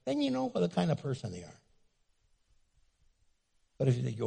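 A man preaches with lively swings of pitch and a somewhat higher voice, joking and acting out little quoted exchanges. His tone is a touch husky, and his voice rings with long reverb through a church hall. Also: brisk, long pauses. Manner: animated, jokey, acts out quotes. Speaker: pastor. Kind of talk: sermon.

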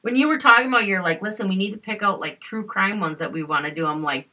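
Woman, true-crime podcast host, bright tense voice, fiery and foul-mouthed. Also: mid-range voice, quick pace, hardly any pauses, low-quality recording. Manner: heated, swears a lot. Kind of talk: casual true-crime chat.

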